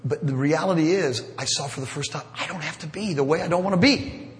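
Preaching fast in a fairly high-pitched voice, a middle-aged pastor keeps his sermon conversational and self-deprecating, with humorous asides. He's in a church sanctuary, and the long reverb of the hall fills the recording.

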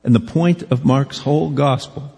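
A man's voice: mid-range voice, moderate pace, gravelly, a little mellow, husky. A male pastor preaching a sermon in a church, earnest and pressing his listeners with repeated direct questions. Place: church sanctuary. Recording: long reverb of a church hall.

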